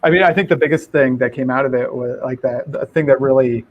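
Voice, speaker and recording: A man who is a guest film director, recalling behind-the-scenes stories in a relaxed, rambling way on a video call. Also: medium pitch, fast, highs cut off. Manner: relaxed, anecdotal, many fillers. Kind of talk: casual chat.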